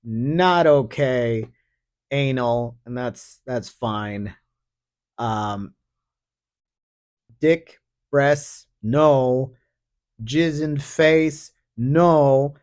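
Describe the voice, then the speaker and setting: This man draws out his words and leaves long pauses, his mid-range voice darkish in tone. Hosting a podcast solo, he talks through a story with casual, profane, sardonic rambling full of fillers.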